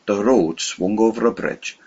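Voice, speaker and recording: A man narrating an audiobook in a measured, vivid storytelling manner. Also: on the low side, a little mellow, breathy edge. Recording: slightly muffled lo-fi recording.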